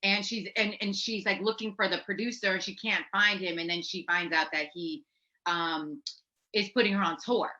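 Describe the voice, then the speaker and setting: A woman's voice: mid-range voice, fairly even intonation, moderate pace, bright, forceful tone, highs cut off. A woman, an actress and musician, chatting casually as an interview guest, acting out quotes and laughing often.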